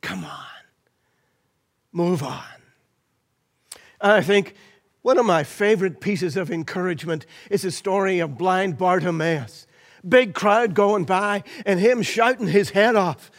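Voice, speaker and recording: Impassioned preacher with a high voice. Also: male voice, a little slow. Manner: impassioned, swings from loud to hushed. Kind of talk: sermon. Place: church.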